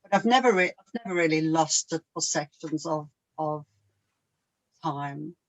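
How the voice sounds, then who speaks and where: A woman talking casually as a guest, chatty and quick to laugh. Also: deep voice, rough recording. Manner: chatty, laughs often, mimics others. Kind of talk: casual conversation.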